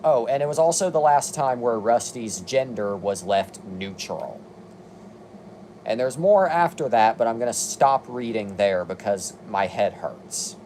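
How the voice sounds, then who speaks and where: A man's voice: medium pitch, expressive, measured pace, a little mellow, a little hiss or hum. A young man giving casual review commentary, reading long lists with dry, exasperated asides. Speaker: video commentator.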